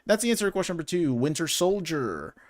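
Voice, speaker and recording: A man's voice: a little high, very animated, fast talker. A man hosting an online trivia night, reading out answers in a chatty, rambling way and correcting himself as he goes. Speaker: trivia quiz host. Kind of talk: casual live quiz hosting.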